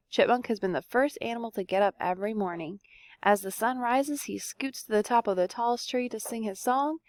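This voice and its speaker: A woman's voice: medium pitch, no room sound. A young woman teacher reading a folk tale aloud expressively and stopping to ask the listeners questions. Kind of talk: read-aloud storytelling lesson.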